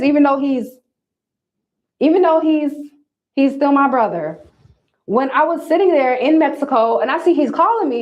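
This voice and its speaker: Woman livestream host, higher voice, emphatic and preachy, casual direct address, slightly muffled lo-fi audio. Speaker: livestream host giving dating advice. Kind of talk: casual livestream talk to viewers.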